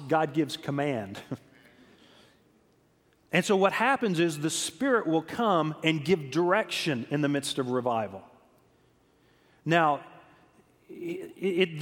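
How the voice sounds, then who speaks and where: A man's voice: fairly high pitch, fairly bright tone, long reverb tail. A man preaching a sermon, telling revival stories emphatically and often repeating words as he builds his point.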